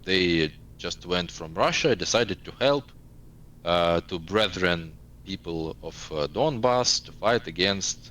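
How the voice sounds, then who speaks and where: Male guest, 30s, very deep voice, halting second-language English. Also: expressive, fairly bright tone, low-quality recording. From eastern Ukraine. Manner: searching for words in a second language. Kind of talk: casual interview talk.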